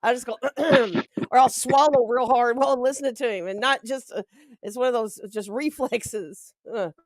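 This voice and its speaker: A woman's voice: fairly high pitch, fairly quick, no echo. A woman co-hosting a podcast, chatting casually and laughing often. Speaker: podcast co-host. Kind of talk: casual chat.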